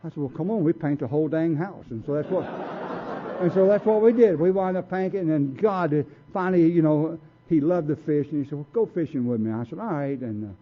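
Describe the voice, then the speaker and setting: A man's voice: fairly high pitch, brisk, few pauses, a little hiss or hum. A man speaking at a recovery meeting, telling his story in a blunt, streetwise way and acting out what people said. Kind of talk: personal story talk. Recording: tinny phone-like recording.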